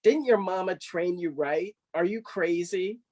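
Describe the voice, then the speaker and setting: A man voicing a hotheaded male rabbit trickster who shouts in loud, exasperated bursts. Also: measured pace. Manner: loud, exasperated, high-pitched outbursts.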